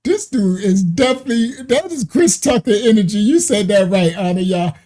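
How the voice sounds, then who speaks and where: A man's voice: high-pitched, animated, normal speed, dark tone. A man hosting a religious channel, chatting and laughing through reaction commentary with preacherly asides.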